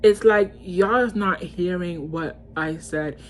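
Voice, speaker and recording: A woman's voice: fairly low pitch, takes it slowly, a little hiss or hum. A young woman vlogger telling a storytime, ranting heatedly with lots of cursing and repetition. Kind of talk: storytime rant.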